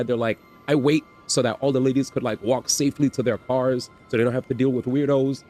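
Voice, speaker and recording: A man hosting a livestream, telling a story in an animated, slangy way with swearing and repetition. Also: medium pitch, fairly quick, few pauses, soft background music. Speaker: livestream host. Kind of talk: casual storytelling on stream.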